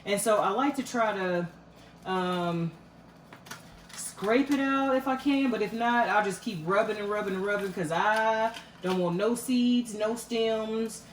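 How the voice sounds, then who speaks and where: A woman's voice: mid-range voice, a little slow, distant mic. A woman, chatting through a home cooking demonstration in a folksy, storytelling way full of fillers. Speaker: cooking vlogger. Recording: roomy echo, mic set back, faint room noise.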